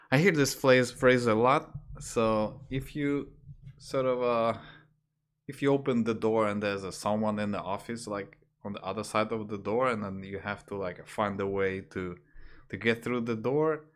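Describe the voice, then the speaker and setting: A man teaching slang on a livestream, talking hesitantly with fillers and restarts, jumping higher when he imitates phrases. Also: fairly even intonation, a little slow. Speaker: language teacher. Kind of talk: casual livestream lesson.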